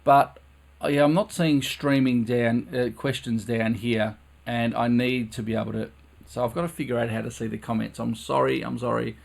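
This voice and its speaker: A man's voice: mid-range voice, steady tone, normal speed, creaky. A man teaching a live-streamed brass lesson from his recording studio, earnest, repeating phrases over and over for emphasis.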